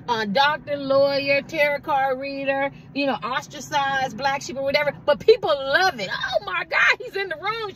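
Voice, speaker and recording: A woman's voice: high-pitched, fairly bright tone, slight background noise. A woman tarot card reader giving a casual collective reading, rambling and conversational and asking "you know what I mean" again and again.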